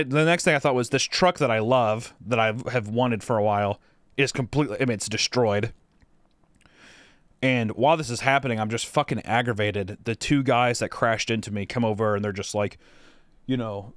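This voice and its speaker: A man's voice: mid-range voice, dry recording, clean studio sound. A man co-hosting a podcast, telling a story casually and profanely, rambling with lots of fillers. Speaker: podcast co-host.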